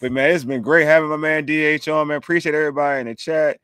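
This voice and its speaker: A man's voice: fairly high pitch, little pitch movement, quick pace, a bit bright, clear, resonant tone, no echo, clean studio sound. A young man hosting a livestream in a laid-back, joking way, often trailing off and restarting his sentences. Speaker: livestream host. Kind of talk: casual sports talk chat.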